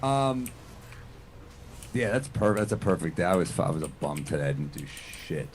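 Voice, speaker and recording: A stand-up comedian in podcast banter who talks in a laid-back, profane way and laughs easily. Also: male voice, low voice, sing-song, normal speed, slight background noise.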